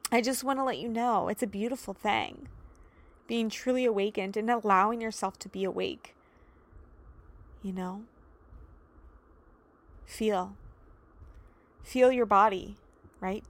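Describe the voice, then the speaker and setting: A woman in her thirties hosting a solo podcast, talking in an emotional, earnest, encouraging way with many "you know"s and "like"s. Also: medium pitch. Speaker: podcast host and life coach. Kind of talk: heartfelt solo podcast talk.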